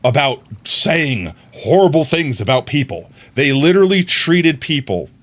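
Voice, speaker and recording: A man with a mild New York accent, chatting casually as a streamer while he plays, rambling, repeating words and laughing often. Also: medium pitch. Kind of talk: casual chat while gaming.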